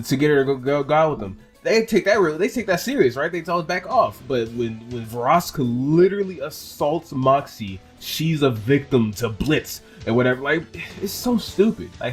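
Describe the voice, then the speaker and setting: A young man giving an exasperated, casual reaction rant as a commentator, stumbling over repeated words and swearing. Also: mid-range voice.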